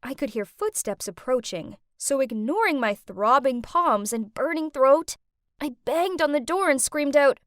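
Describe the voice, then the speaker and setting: A young woman narrating a dramatic first-person story in an expressive way. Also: high-pitched, unhurried, no echo, studio quality.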